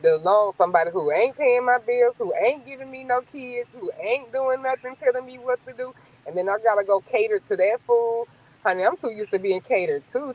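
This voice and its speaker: A woman with a Southern US accent, telling stories in a sassy, blunt, animated way during a casual chat. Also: fairly high pitch, lo-fi sound. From American South.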